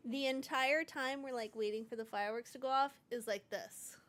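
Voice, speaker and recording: A woman in her thirties hosting a live coding stream, chatting casually and telling family stories in an animated way between bits of work. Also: sits high, normal speed. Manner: animated storyteller, chatty, lively asides. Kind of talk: casual chat while coding.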